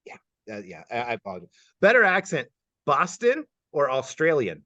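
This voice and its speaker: Brief: upbeat male host from Kansas City, animated higher voice, dull slightly muffled recording, stammers and laughs a lot. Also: normal speed, dry recording. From Kansas City, United States. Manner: upbeat, laughs often, stammers and repeats words. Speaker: host and geometry teacher. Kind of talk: lightning-round interview questions.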